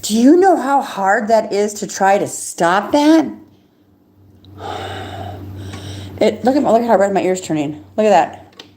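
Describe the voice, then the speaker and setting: A middle-aged woman rambles through a live stream, agitated and quick. She restarts her sentences and laughs between thoughts. Her voice sits at an ordinary pitch for a woman. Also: big pitch swings, dark tone, slight background noise. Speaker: livestreamer.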